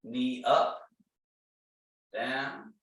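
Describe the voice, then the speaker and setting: Slow, calm man guiding tai chi in an echoey room. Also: mid-range voice. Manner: calm, slow, repetitive cueing. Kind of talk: guided exercise class instruction. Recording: very echoey room, mic far off.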